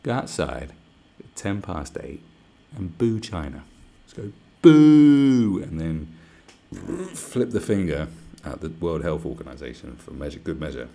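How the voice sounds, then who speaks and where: Gravelly, swearing man ranting. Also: very deep voice, animated, normal speed, warm tone. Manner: sarcastic, swears a lot, mocking. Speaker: vlogger. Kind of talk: angry profane rant.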